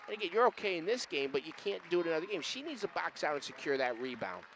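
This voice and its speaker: A man's voice: on the high side, very animated, very fast, fairly bright tone, a faint crowd, slight background noise. A man who coached before, giving color commentary on a basketball game in an emphatic, teaching way and repeating his key points.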